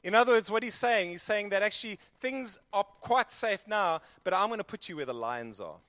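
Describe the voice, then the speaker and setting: A man preaching a sermon in a church who acts out quoted prayers with animated delivery. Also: sits high, fairly quick, no room sound. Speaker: pastor.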